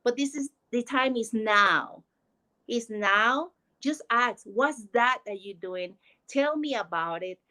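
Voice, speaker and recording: A woman's voice: on the high side, lively intonation, slow, pushed and bright, low-quality recording. A woman, telling a heartfelt personal story about work and family. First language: Spanish. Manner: earnest, emotional storytelling. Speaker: guest. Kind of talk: personal testimony.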